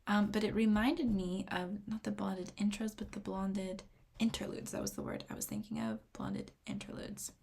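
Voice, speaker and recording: A young woman giving casual, rambling reaction commentary on an album, excitable and often dropping to a whisper while she reads her notes. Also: mid-range voice, moderate pace, slightly rough. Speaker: music reaction vlogger.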